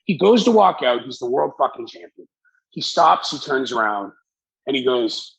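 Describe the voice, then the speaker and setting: Gravelly man telling stories. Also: medium pitch, very animated, normal speed, fairly bright tone, rough recording. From Canada. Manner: acts out quoted people, swears casually. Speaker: wrestling executive and guest. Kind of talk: animated storytelling in an interview.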